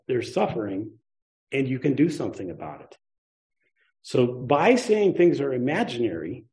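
A man's voice: medium pitch, warm tone, poor audio. A man teaching Buddhist ideas in a casual, conversational dharma talk, with playful asides.

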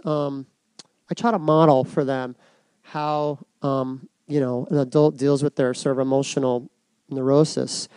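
A middle-aged man giving a reflective personal talk to an audience, soft and unhurried with many pauses. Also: medium pitch, level tone, smooth, no echo. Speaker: speaker giving a dharma talk.

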